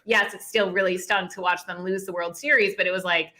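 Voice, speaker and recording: Chatty woman sports guest, bright voice. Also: on the low side, fairly even intonation. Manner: chatty, apologetic, quick to laugh. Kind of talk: casual sports talk.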